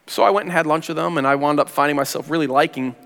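In a church sanctuary with the long reverb of a big hall, a man in his forties who pastors tells his personal testimony. His voice sits on the high side, fairly bright with vocal fry, moving at a quick pace, and his tone is earnest and conversational, sprinkled with casual slang.

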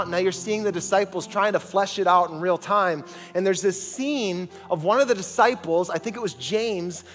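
Emphatic pastor in a large reverberant church. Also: male voice, sits high. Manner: emphatic, calls for congregation responses. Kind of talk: sermon.

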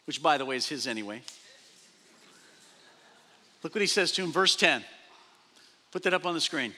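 A man pastor preaching a sermon, animated, repeating phrases and acting out quoted speech. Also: fairly high pitch. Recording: long reverb of a large hall.

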